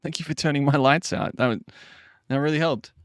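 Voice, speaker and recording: A man's voice: a little high, a little fast, clean tone, no echo, clean studio sound. A man chatting casually on a live stream, rambling and joking, with frequent swearing. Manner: rambling, jokey, swears often.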